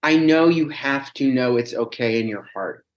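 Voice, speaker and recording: A man's voice: medium pitch, moderate pace. Chatty man telling a story. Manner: animated, chatty, rambling with restarts. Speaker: podcast guest. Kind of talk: casual storytelling chat.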